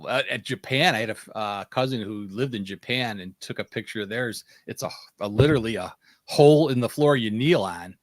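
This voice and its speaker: A man hosting a casual panel chat, telling stories in an animated way. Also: on the low side, brisk, no echo. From United States. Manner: animated storyteller who acts out quotes. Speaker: host.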